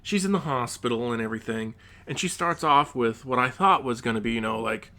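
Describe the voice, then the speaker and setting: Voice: medium pitch, fairly quick, hardly any pauses, a bit bright. A gaming commentator in a profane, exasperated rant about a game, with frequent outbursts of rising disbelief.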